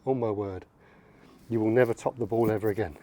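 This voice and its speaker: Mellow-voiced male golf coach. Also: lowish voice, fairly quick. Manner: upbeat, encouraging, demonstrating as he talks. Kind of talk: on-course golf instruction.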